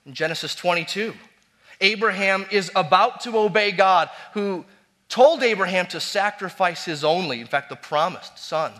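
A male preacher with a fairly high, bright voice delivers a sermon. He builds to loud, emphatic repetitions, then drops to quiet, low asides. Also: normal speed.

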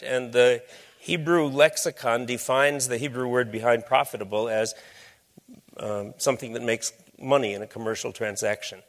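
A man giving a lecture with slides, talking in a conversational, storytelling way. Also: mid-range voice. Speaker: speaker.

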